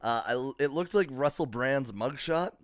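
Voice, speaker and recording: A man co-hosting a comedy podcast, telling stories in a rambling, swearing, animated way. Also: medium pitch, moderate pace, dry recording, studio quality. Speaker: podcast co-host. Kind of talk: casual comedic chat.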